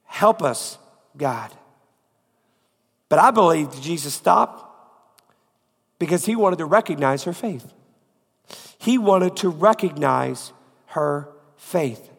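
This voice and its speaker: A man preaching a sermon as pastor, with a cold, repeating phrases emphatically, swinging from loud peaks to quiet. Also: a little high, lively intonation, slow pace, creaky, long pauses, breathy edge, long reverb tail. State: has a cold.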